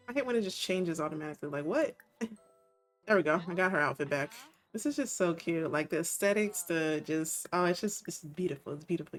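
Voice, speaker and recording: Giggly woman narrating her game. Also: fairly low pitch. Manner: giggly, chatty, voices characters in quotes. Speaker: gaming video creator. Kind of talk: casual gameplay commentary.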